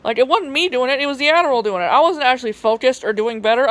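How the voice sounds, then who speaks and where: A woman's voice: high-pitched, lively intonation, fast. A young woman with a Southern US twang, casually telling a personal story to her phone camera, rambling and profane, with lots of fillers and restarts. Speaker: vlogger.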